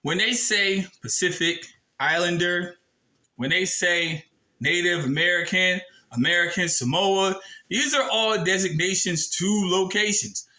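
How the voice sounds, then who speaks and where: A man's voice: sits high, measured pace, sharp tone, poor audio. A man casually explaining a form and reading it aloud, talking bluntly with emphatic rhetorical questions and some swearing. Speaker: video presenter.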